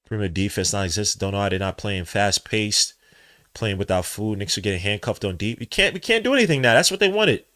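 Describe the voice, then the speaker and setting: A young man doing live watch-along commentary as a podcast host, trading muttered play-by-play for loud slangy outbursts. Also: lowish voice, animated, fast.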